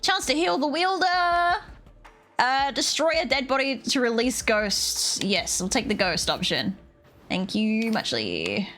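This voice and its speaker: A woman streamer giving live gameplay commentary, excitable and foul-mouthed, often talking straight to the characters in the game. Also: sits high, unhurried. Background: faint game music.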